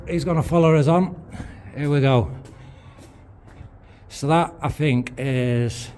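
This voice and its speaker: A man's voice: medium pitch, darkish tone, a little hiss or hum. Matter-of-fact man. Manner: matter-of-fact, swears casually. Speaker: urban explorer guide. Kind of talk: casual walkthrough narration. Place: underground sandstone tunnels.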